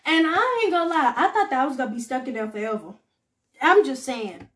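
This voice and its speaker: A seventeen-year-old girl rambling through a casual story as a podcast host, colloquial and lively, acting out other people's lines with big jumps in her voice. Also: a little fast, slight background noise. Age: teens. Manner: animated, acts out quoted voices with big pitch jumps.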